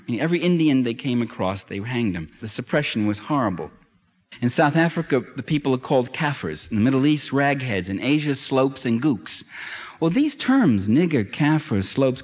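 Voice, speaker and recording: A man's voice: mid-range voice, a little mellow, husky. A man giving a public lecture, emphatic and sardonic, building to impassioned climaxes. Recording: long hall reverb.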